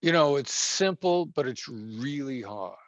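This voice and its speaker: A man being interviewed as a former hostage negotiator, talking conversationally and acting out tones of voice that move between gentle and sharp. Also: mid-range voice, lively intonation, measured pace, no echo, highs cut off.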